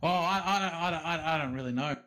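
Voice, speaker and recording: Podcast co-host, male, slightly high voice, stammers and restarts mid-sentence. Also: fairly quick, sharp tone. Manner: stammering, self-interrupting. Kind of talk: casual chat.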